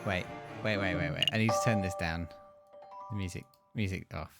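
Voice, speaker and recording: A man's voice: deep voice, steady tone, normal speed, creaky, loud music behind the voice. A British man streaming a game, chatting casually and fumbling with his screen share. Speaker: streamer playing a game with a co-host. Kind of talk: casual live-stream chat.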